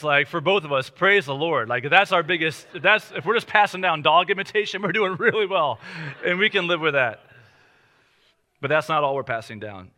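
A pastor delivers his sermon with a crisp, forceful edge to his voice and a pitch a little above the usual. He talks to the congregation like a friend, slipping into casual family stories and chuckling between points. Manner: conversational storytelling with light laughter.

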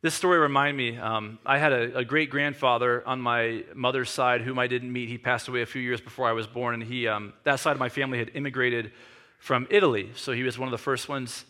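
A man's voice: mid-range voice, fairly even intonation, brisk, bright, forceful tone. A man in his forties preaching a sermon, reading scripture and telling self-deprecating stories in a conversational way. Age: 40s. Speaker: pastor.

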